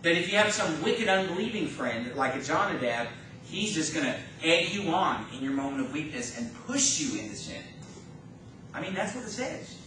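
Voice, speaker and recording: A man's voice: on the high side, sing-song, normal speed, background noise. A man preaching a sermon as pastor, emphatic and rising and falling in force, recorded from a distance in an echoey church. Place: church sanctuary. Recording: echoey church room from far off.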